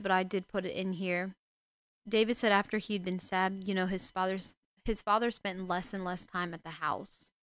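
A woman's voice: mid-range voice, fairly bright tone, clean tone, dry recording. A woman hosting a casual book talk, retelling a story with emotional, indignant asides. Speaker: book discussion host.

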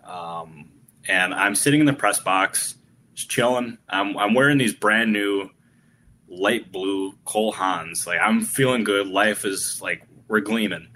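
A man's voice: fairly low pitch, unhurried, bright, forceful tone, a little hiss or hum. A man co-hosting a live baseball podcast, talking in a wry, teasing way. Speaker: podcast co-host and baseball reporter. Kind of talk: casual live podcast chat.

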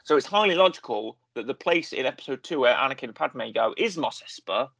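A man's voice: mid-range voice, lively intonation, fairly quick, vocal fry, a bit bright, slightly rough, dry recording. A man hosting a casual review conversation, talking in a rambling way and often correcting himself with fillers. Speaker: podcast host reviewing a series.

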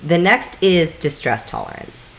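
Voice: mid-range voice, big pitch swings, a little slow, a little hiss or hum. A podcast co-host, explaining things in loose, casual chat that swears freely and acts out little scenes.

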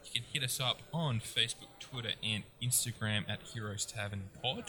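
A man's voice: medium pitch, fairly quick, sharp tone. A man hosting a casual podcast, laughing often and swearing casually in loose banter. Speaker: podcast host.

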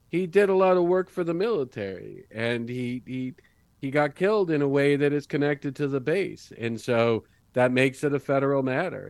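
A man voicing a tough male FBI agent during a tabletop game, speaking bluntly and with threats, with some halting restarts. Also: medium pitch, a little mellow, no room sound, natural voice. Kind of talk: in-character role-play.

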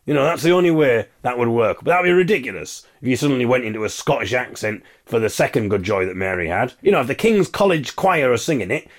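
A man's voice: medium pitch, expressive, fast talker, hardly any pauses. A man, a podcast host delivering a comic monologue with exasperated, wry ranting.

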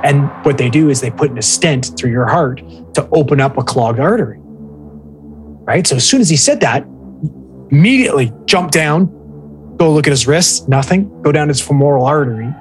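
A man's voice: a little high, animated, normal speed, faint music behind, poor audio. A man co-hosting a casual podcast, telling a story with lots of swearing and reading listener posts aloud. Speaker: podcast co-host.

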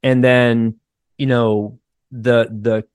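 A man with a light Boston accent tells his story in an easy, animated way, peppering it with "like" and "you know". His voice sits in a middle register and is recorded dry and close. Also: mid-range voice, drawn-out words, clean tone, no room sound. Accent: faint Boston. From Boston area, United States. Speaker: guest therapist. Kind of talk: casual podcast conversation.

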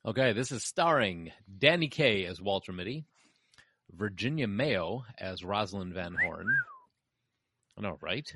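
A man's voice: fairly low pitch, animated, measured pace, pushed and bright, a little hiss or hum. A man hosting a casual podcast chat, reading out film credits and trailing off mid-sentence. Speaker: podcast host.

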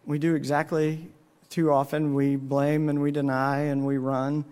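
A man preaching with an earnest, storytelling manner. His voice sits a little high for a man, and it lifts further whenever he asks a question. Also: flat delivery, a little slow, a little mellow, smooth. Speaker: pastor. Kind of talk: sermon.

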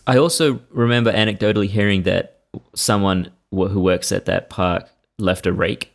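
Podcast co-host, male, deep gravelly voice, eager fact-sharer. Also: fairly even intonation, normal speed. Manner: enthusiastic, trades animal facts with laughter. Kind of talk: casual chat.

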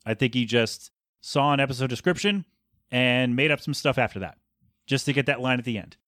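A man's voice: mid-range voice, fairly quick, fairly bright tone, no room sound, clean studio sound. Sarcastic thirty-something man ranting on a podcast. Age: 30s. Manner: sarcastic, rambling, mock-professional. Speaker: podcast host. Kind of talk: casual solo podcast rant. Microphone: podcast microphone.

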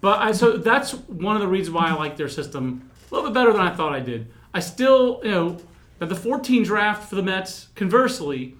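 A man in casual podcast chat about baseball prospects, animated and rambling, poking fun at himself. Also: high voice, a little fast. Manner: animated, rambling, self-mocking.

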